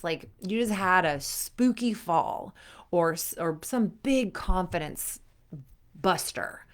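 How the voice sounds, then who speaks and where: A young adult woman coaching athletes in a casual, chatty way, full of fillers and acted-out inner thoughts. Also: lowish voice. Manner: chatty, frequent "like" fillers, acts out inner voices. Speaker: performance coach.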